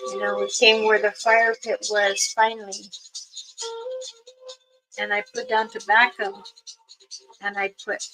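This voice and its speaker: Slow-spoken woman telling a story over music. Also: medium pitch, flat delivery, sharp tone, low-quality recording. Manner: slow, unhurried, acts out others' lines. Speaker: storyteller, spiritual elder. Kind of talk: slow personal storytelling with prayers. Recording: music playing behind.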